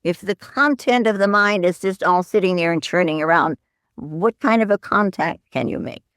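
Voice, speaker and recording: A woman's voice: lowish voice, moderate pace, fairly bright tone, no room sound, studio quality. A woman Zen teacher giving a dharma talk in a reflective manner, with questioning asides.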